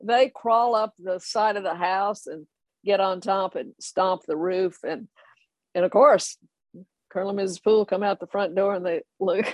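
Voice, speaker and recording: An older person telling a family story in a lively way, often laughing and acting out the others. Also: mid-range voice, moderate pace, no echo. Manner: animated, laughing anecdote telling. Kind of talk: oral history storytelling.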